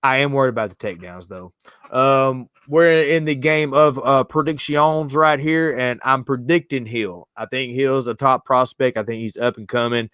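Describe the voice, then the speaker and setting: A man's voice: medium pitch, moderate pace, a bit bright, clear, resonant tone, dry recording, studio quality. A man hosting a casual live-streamed sports podcast, loose and slangy, joking with his co-host.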